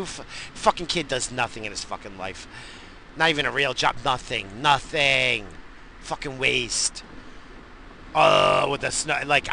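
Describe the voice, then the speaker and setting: A middle-aged man from the New York area hosts a podcast, with a gravelly, very bright voice. He rambles through crude, boisterous stories full of profanity. A faint noise sits under the recording. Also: mid-range voice. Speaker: podcast host. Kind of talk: profane casual monologue.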